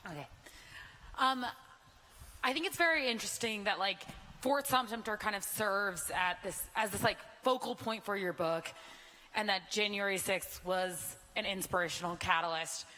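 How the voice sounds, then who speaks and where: A woman's voice: medium pitch, normal speed, sharp tone. A woman in the audience at a live talk, asking a thoughtful question and leaning on "like" as she thinks. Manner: thoughtful, lots of "like" fillers. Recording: reverberant hall with faint hiss.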